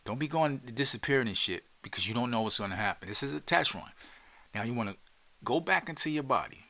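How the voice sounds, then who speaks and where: A man's voice: mid-range voice, animated, fast, sharp tone. A man with a New Jersey accent hosting a podcast, talking listeners through a relaxation exercise in a loose, streetwise way, repeating words and sometimes dropping to a whisper. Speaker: podcast host. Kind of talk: casual guided instruction.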